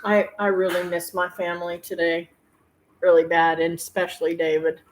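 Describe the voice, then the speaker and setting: Heartfelt woman with a lowish voice. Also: level tone, rough recording. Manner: heartfelt, rambling, pausing with fillers. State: tearful at times. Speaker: homestead channel host. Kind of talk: emotional personal talk to viewers.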